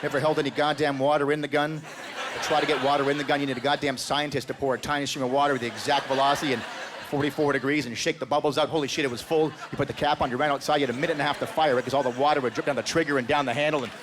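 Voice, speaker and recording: A man's voice: medium pitch, steady tone, very fast, background noise. A man doing a stand-up comedy set, telling crude rambling stories and talking to the crowd. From Canada. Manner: rambling storyteller, crude jokes, talks to the crowd. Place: comedy club stage with live audience.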